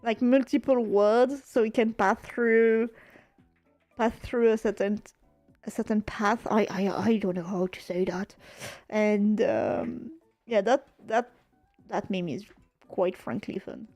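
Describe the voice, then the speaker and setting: A woman's voice: medium pitch, steady tone, slow pace, a little mellow, dry recording, faint music behind. A young French woman streaming from home, chatting casually while she crafts, swearing freely and laughing often. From France.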